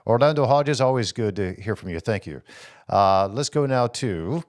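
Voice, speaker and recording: A fairly low-voiced man hosts a political talk show at normal speed, speaking animatedly and posing rhetorical questions. He reads viewer comments out loud and then responds to them, and the audio is dry with no room echo.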